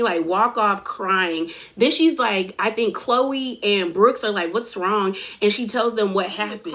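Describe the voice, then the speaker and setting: Woman doing a gossipy reality tv recap, acts out the quotes, laughs a lot. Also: fairly high pitch. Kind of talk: casual recap commentary.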